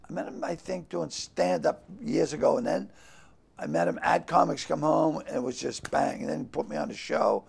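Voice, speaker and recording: An older man spins stories with a high, gravelly voice that is rough and husky at the edges. His pitch swings all over the place as he acts out quotes with sudden loud bursts in a casual interview. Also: animated, moderate pace. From Boston. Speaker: comedian guest.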